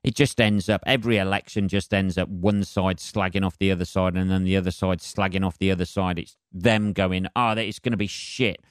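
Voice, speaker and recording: A man's voice: deep voice, level tone, fairly quick, hardly any pauses, smooth, no room sound, studio quality. A man, hosting a solo podcast and rambling in a sardonic, sweary way with lots of ums and uhs. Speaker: podcast host.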